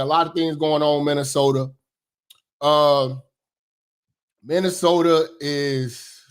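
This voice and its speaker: A man from hosting a casual commentary livestream, slangy and profane, swinging between loud shouting and low muttering and repeating phrases for emphasis. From Chicago. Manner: profane, slangy street talk. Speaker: commentary show host.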